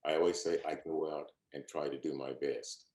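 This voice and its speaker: Very deep older man reminiscing. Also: fairly even intonation, moderate pace, a little mellow, echoey room. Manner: reminiscing, earnest, humble, repeats quoted speech. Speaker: interviewee, opera singer. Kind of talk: oral history interview. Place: at home, on a video call.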